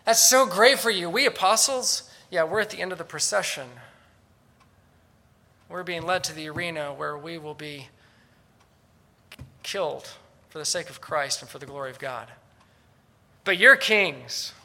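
A man's voice: a little high, measured pace, pauses often, bright, forceful tone, in a large hall, heavily acted. A man voicing a sarcastic male apostle who mockingly congratulates his proud followers.

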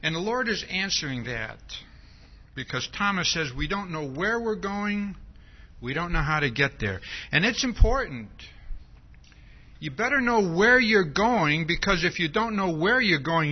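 A man's voice: a little high, breathy edge, muffled recording. A man preaching an expository sermon as pastor, teaching in a conversational way and often asking his listeners "See?".

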